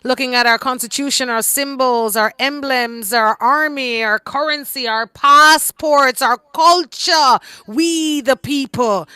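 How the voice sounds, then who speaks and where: A Jamaican woman hosting a radio talk show, emphatic and energetic, stretching words for effect. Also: fairly high pitch, clean tone, no room sound. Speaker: radio host.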